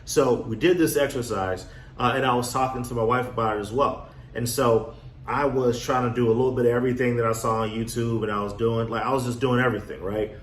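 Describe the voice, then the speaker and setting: A man coaching on real estate wholesaling in a casual motivational talk, acting out his own past with lively energy. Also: medium pitch, quick pace. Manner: animated storyteller, acts out his younger self. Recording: echoey room, faint background noise.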